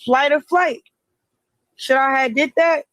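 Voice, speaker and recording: Woman, rambling emphatic livestream talk, high voice, close dry sound. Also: slow pace, a bit bright, no echo, rough recording. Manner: rambling, emphatic, repeats herself. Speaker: interviewee in a played clip.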